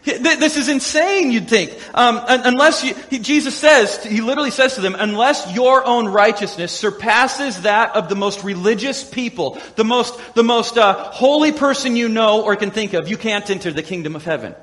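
A man preaching a sermon as pastor, animated and laughing often as he acts out the voices of crowds and quotes. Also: high-pitched, normal speed, few pauses. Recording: echoey hall with long reverb.

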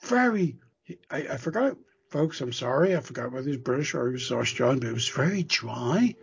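A middle-aged East Coast American man co-hosts a podcast, chatting casually while he rambles, restarts, and swears. His mid-range voice is expressive and brisk with vocal fry, recorded as dull lo-fi audio over a noisy background.

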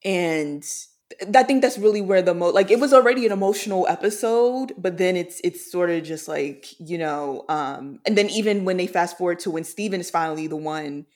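Podcast co-host, casual discussion, medium pitch, halting delivery, lots of fillers. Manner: halting, filler-heavy, emotional.

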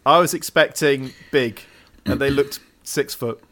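A man's voice: mid-range voice, fairly bright tone. A man co-hosting a podcast, chatting easily about a film and laughing often. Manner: easygoing, quick to laugh. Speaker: podcast co-host. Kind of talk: casual film chat.

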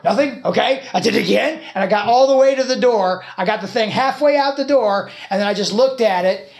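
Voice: mid-range voice, brisk, a little mellow. A podcast host telling a long story in casual chat, swearing freely and telling it with animation.

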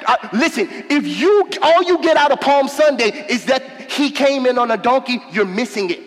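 A man preaching a sermon as pastor, emphatic, with folksy asides, swinging from shouts to low murmurs. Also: animated, normal speed. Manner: casual, folksy asides to the congregation. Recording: long hall reverb.

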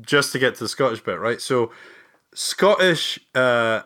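A man with a bright, forward voice co-hosts a casual podcast. He talks about films in a loose, animated way and laughs often. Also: mid-range voice, measured pace. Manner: animated, slips into jokey impressions and laughs often. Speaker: podcast co-host. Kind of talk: casual film-review chat.

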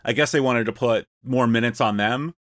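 Man, podcast co-host, casual chat, animated, mid pitch, dry sound. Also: moderate pace, no echo. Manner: animated, swears, laughs often.

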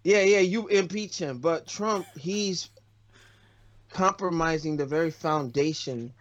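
A man's voice: fairly high pitch, a little slow, dull audio. A man co-hosting a casual chat, opinionated and joking as he argues his point.

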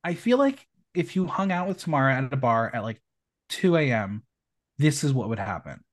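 A man's voice: mid-range voice, expressive, moderate pace. A man hosting a recap podcast, reading out the episode with playful asides. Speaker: podcast host. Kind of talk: reality show recap podcast.

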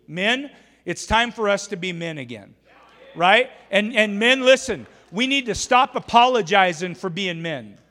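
A man preaching a sermon as pastor, animated and exhorting, acting out everyday scenes. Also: high-pitched. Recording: long hall reverb.

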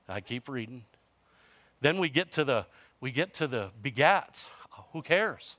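A man's voice: medium pitch, expressive, measured pace, fairly bright tone, no echo. A man in his fifties preaching a sermon in a conversational storytelling way, with self-mocking humor and frequent restarts. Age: 50s. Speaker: pastor.

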